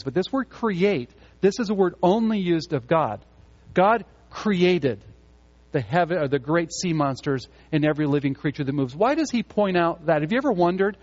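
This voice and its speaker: A man preaching a sermon with emphasis, repeating key phrases to drive them home. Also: fairly high pitch. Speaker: pastor. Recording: muffled lo-fi sound.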